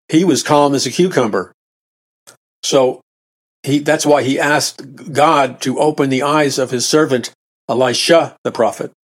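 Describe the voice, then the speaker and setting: A man preaching a sermon, emphatic, often repeating and restarting phrases and rising to bursts of intensity. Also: mid-range voice.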